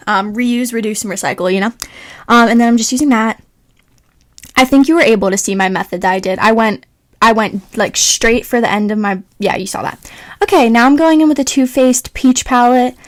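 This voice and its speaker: A young woman with a fairly high voice talks through her makeup routine in a casual, rambling voice-over. She fills her talk with "like" and "um" and pokes fun at herself. The recording is dry and close, with no room sound. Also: no echo. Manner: chatty, rambling, lots of "like" and "um"; self-mocking and offhand. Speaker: beauty vlogger. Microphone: voice-over recorded separately.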